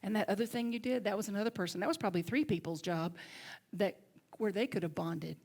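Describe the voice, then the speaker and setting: A woman's voice: medium pitch, fast talker, darkish tone, natural voice. A woman quoting a blunt Southern mentor. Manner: blunt, calls people out.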